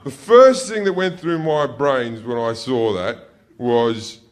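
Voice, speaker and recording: A middle-aged man works a comedy club stage with a brash, foul-mouthed stand-up set. His voice sits at an ordinary middle pitch. He swings from muttered asides into loud, shouted punchlines over a faint background hiss. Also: slow.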